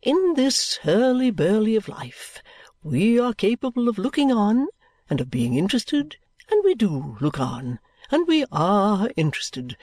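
A woman reading an audiobook, voicing a whimsical, childlike middle-aged gentleman with a light, sing-song manner and slow, drawn-out phrases. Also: medium pitch, very animated, dry recording.

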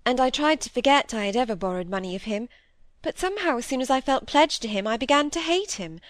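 A woman's voice: on the high side, no echo, natural voice. Woman reading as a troubled, confessing young woman. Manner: earnest, regretful, rising to indignation. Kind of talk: audiobook reading of dialogue.

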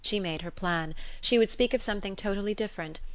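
A woman narrating a classic novel in a measured, even storytelling manner. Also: medium pitch, no echo. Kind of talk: audiobook reading of a classic novel.

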